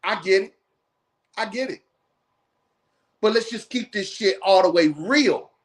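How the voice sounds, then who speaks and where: Slow, heated man ranting on a live stream. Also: sits high, animated. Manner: blunt, profane, heated. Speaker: podcast host. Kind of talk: live-stream commentary rant.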